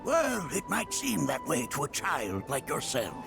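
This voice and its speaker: An actor voicing a wise, chuckling old male sage in a video game, speaking in a slow, kindly, grandfatherly way over game music. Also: fairly high pitch, huge pitch swings, full character voice. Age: older. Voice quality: gravelly, chuckling. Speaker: elderly scholar character in a video game.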